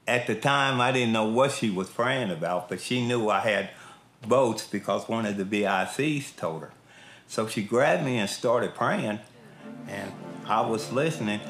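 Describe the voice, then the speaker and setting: A man's voice: medium pitch, vocal fry, a bit bright. A middle-aged man in prison gives an earnest, plain-spoken personal testimony in a casual, colloquial way. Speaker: prison inmate giving testimony. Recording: echoey room with faint music.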